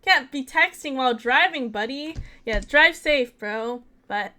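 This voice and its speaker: A woman streaming a video game, chatting casually with her viewers, excitable and giggly with crude jokes. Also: high voice, slow pace. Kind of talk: casual live-stream chat while gaming.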